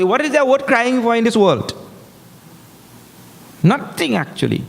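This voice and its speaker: A man giving a humorous, animated scripture discourse as a spiritual teacher, breaking into chanted verses. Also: extremely high pitch, a little slow, creaky. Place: large hall. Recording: echoey hall.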